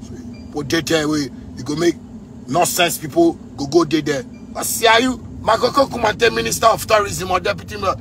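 A man in his thirties with a Ghanaian accent, ranting angrily at the president, repeating himself and breaking into shouts. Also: high voice, fairly even intonation, moderate pace, gravelly. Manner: heated, repetitive, bursts into shouting. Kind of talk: angry rant addressed to the president.

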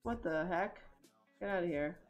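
A woman's voice: fairly low pitch, moderate pace, faint music behind. A woman streaming a life-simulation game, rambling in casual commentary and talking exasperatedly to her chat.

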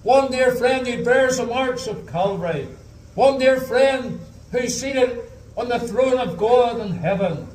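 A Northern Irish man preaches the gospel at an outdoor meeting, his voice set very high and his delivery slow and deliberate. He pleads earnestly with his listeners. The sound is echoey and heard from some distance off the mic. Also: expressive, darkish tone. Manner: earnest pleading appeals, repeated "dear friend", slow drawn-out scripture quotes. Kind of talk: open-air gospel sermon.

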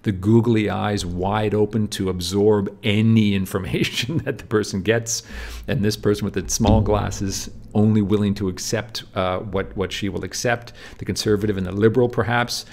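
Gravelly man lecturing over slides. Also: fairly low pitch, fairly even intonation, normal speed, a little mellow. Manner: repeats "do you see?", many fillers and restarts. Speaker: literature teacher.

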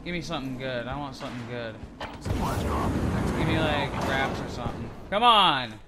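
A young man commentating his own shooter gameplay, excitable and swearing a lot, yelling when he wins. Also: mid-range voice, moderate pace, heavy background noise. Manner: excitable, swears constantly, yells when winning. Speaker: gaming video creator. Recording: loud game gunfire behind voice. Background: shooter game gunfire and effects.

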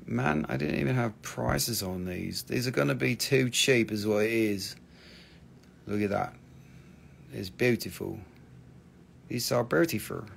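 A man's voice: mid-range voice, unhurried, gravelly, pauses often, a little hiss or hum. Joking, profane man selling crystals live. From US East Coast. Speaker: livestream seller of minerals. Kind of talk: casual live-sale chat.

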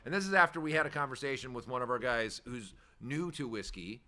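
A man's voice: mid-range voice, fast talker, pushed and bright. A man hosting a casual chat show, rambling and candid, swearing freely and laughing easily. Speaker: shop owner hosting a weekly chat show.

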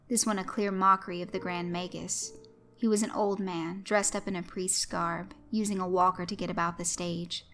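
Bright-voiced woman reading a story. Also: fairly low pitch, a little hiss or hum. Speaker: narrator. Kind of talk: scripted story narration.

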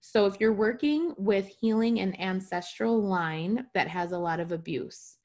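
Teaching a spiritual class online through a video call, a woman keeps things casual, often checks in with those listening, and jokes lightly at her own expense. Her mid-range voice is a little slow and a little mellow.

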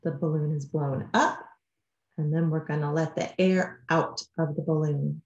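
A woman teacher giving a gentle distance-learning lesson to young children. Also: low voice, fairly even intonation, roomy sound, lo-fi sound. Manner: gentle, slow, speaking to small children.

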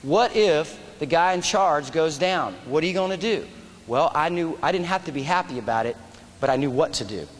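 Animated high-voiced man speaking in a hall. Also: normal speed. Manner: animated, acts out dialogue and shouts quoted lines. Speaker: motivational speaker and army veteran. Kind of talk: storytelling speech. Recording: reverberant hall with faint noise.

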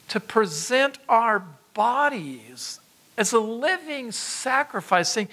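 A man's voice: very high voice, very animated, unhurried, pushed and bright. A man preaching a sermon, exhorting his listeners with emphatic repetitions and asides to them. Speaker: pastor.

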